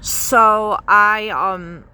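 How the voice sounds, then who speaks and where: A woman's voice: mid-range voice, steady tone, drawn-out words, pushed and bright, smooth. A woman in a casual vlog rant, angry and profane, full of fillers like "um" and "like.". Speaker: vlogger.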